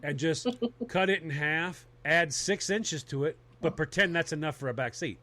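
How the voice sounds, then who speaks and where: A man telling a comic personal story in casual chat, animated and laughing as he talks. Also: a little high, normal speed.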